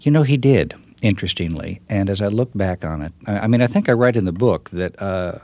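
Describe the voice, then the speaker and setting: A middle-aged man, an author, being interviewed and answering reflectively, with many halting restarts. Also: on the low side, lively intonation, dark tone, no echo. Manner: thoughtful, halting with repeated starts. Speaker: author guest.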